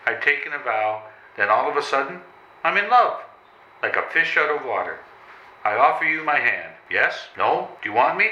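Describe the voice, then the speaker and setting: A man's voice: mid-range voice, sing-song, moderate pace, sharp tone, muffled recording. A man reading a comic play on stage before a live audience, pleading and stammering in a flustered way. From Canada. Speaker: reader in a readers' theatre comedy. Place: old train station hall with a live audience. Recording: roomy hall.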